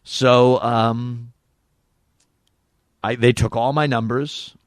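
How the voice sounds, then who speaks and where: A man telling a long story on a podcast, animated and acting out the people he quotes. His voice is mid-pitched and recorded dry and close, with no room sound. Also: drawn-out words, no room sound. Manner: animated anecdote teller, acts out quotes. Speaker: radio host and impressionist. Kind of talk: casual storytelling chat.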